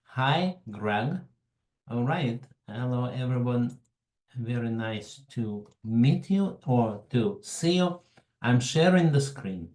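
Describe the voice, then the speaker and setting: A man with a Russian accent hosts a webinar over a computer mic. He talks slowly and haltingly, with a mellow, relaxed tone, in an echoey room. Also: mid-range voice. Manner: slow, halting, greets attendees by name. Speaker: webinar host. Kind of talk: casual online presentation.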